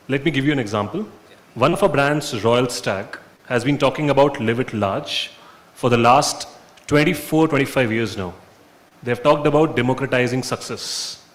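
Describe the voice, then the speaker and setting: A man who speaks as a brand marketer on a conference panel, making firm, emphatic points and repeating key phrases. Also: fairly high pitch. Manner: firm, emphatic statements with repetition. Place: conference venue.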